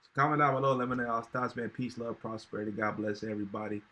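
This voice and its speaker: A man's voice: medium pitch, level tone, fast talker, sharp tone. A man hosting a reaction video, talking in casual, emphatic commentary with slang and repeated phrases.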